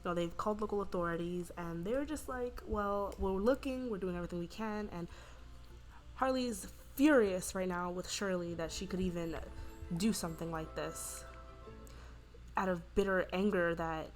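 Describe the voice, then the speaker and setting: A woman casually narrating a life-sim game, rambling with lots of "like" and "you know" and voicing the characters' lines in quick asides. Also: lowish voice, soft background music. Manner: voices the Sims' lines in quick quoted asides. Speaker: gameplay narrator. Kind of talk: casual let's-play storytelling.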